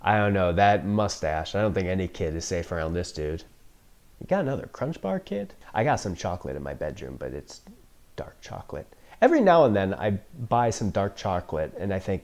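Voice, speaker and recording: Sarcastic, mellow-voiced man joking through a movie. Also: deep voice, big pitch swings, fairly quick. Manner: joking, sarcastic, swears freely, laughs often. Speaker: film reaction host. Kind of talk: casual first-time movie reaction commentary.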